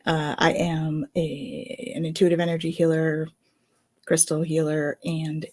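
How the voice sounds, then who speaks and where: Husky-voiced woman co-host, giggly. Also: deep voice, little pitch movement, darkish tone. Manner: giggly, quick to agree. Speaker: co-host and energy healer. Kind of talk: casual online talk show chat.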